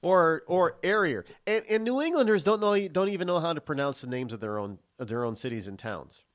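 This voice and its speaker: A man's voice: on the high side, fast talker. A man hosting a casual talk show, rambling with many restarts and fillers as he tells stories. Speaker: host. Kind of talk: casual chat.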